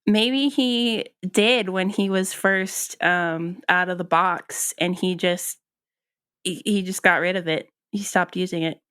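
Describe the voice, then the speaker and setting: Woman podcast cohost, casual chat, smooth clear voice, lots of ums, dry close mic. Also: fairly low pitch, steady tone, slow, fairly bright tone, no room sound. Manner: hesitant, lots of ums and restarts. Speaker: podcast co-host.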